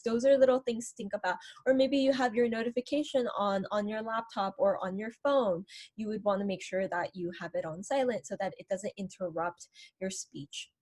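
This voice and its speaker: A woman's voice: medium pitch, a little mellow. A woman instructor giving an online lecture, explaining and demonstrating how word stress changes meaning. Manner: explanatory, demonstrates stress patterns with varied emphasis.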